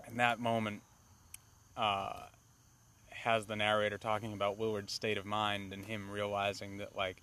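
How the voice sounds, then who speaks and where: A man with a fairly low voice talks through a movie review in loose, casual chat. He rambles, swears freely and gets animated as he goes. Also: moderate pace. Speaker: podcast co-host.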